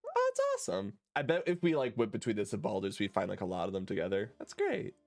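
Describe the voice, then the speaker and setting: A man's voice: fairly low pitch, huge pitch swings, quick pace, a little mellow. A man streaming a video game, chatting casually, swearing and laughing as he talks. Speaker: gaming streamer. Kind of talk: casual let's-play chat.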